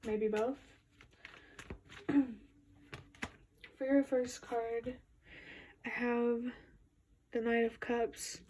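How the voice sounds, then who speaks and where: A woman's voice: on the high side, steady tone, very slow, pauses often, a little mellow. A woman giving a casual spoken tarot reading, musing her way through intuitive, meandering commentary. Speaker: tarot reader. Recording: voice a bit distant from the mic.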